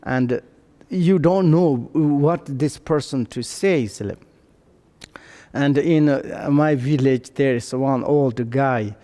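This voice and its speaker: Older man as Buddhist teacher: slow, halting delivery, mellow tone, long hall reverb. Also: medium pitch. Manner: halting, searching for words in second-language English. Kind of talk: dharma teaching.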